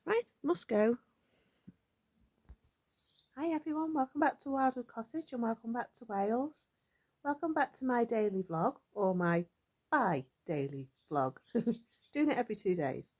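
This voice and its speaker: A woman with a voice pitched a little higher than most talks through her day in a casual vlog. She rambles and thinks aloud, hopping between small plans. The delivery is relaxed and chatty. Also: normal speed, long pauses. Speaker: vlogger. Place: outdoors in a yard.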